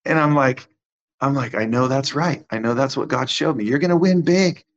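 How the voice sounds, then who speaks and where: A man giving a conversational testimony as a guest minister, animated and acting out the quotes of the people in his story. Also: mid-range voice, moderate pace, lo-fi sound.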